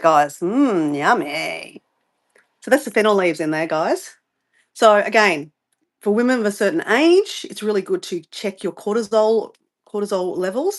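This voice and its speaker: A middle-aged Australian woman talks her way through a morning routine on a live stream. Her delivery is rambling and chatty, and she keeps drifting off topic to greet viewers and answer their comments. Her pitch sits right in the middle for a woman.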